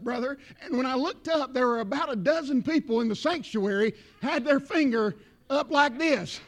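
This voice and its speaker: A man's voice: very high voice, a bit bright. A man with a Southern accent preaching a sermon as pastor, emphatic, repeating words and calling out amens.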